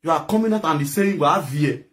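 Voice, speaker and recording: A man's voice: high voice, slight background noise. A man from Edo State with a Nigerian accent, delivering a heated, scolding online rant that switches between pidgin and a local language. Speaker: social media commentator.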